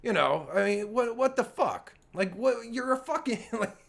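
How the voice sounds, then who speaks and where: A man's voice: extremely high pitch, expressive, normal speed, gravelly, a bit bright. A man ranting angrily and sarcastically as he reacts to a podcast clip, swearing constantly. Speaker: podcast host reacting to a recording. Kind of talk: profane ranting commentary.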